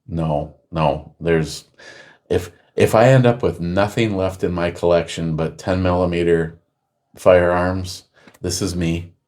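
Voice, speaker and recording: A middle-aged man with a fairly low voice holds forth on a casual talk show. He rambles through long anecdotes and throws himself into quoting others, his voice jumping up as he plays out each exchange. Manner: rambling storyteller acting out quotes loudly. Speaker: podcast host. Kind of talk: casual chat.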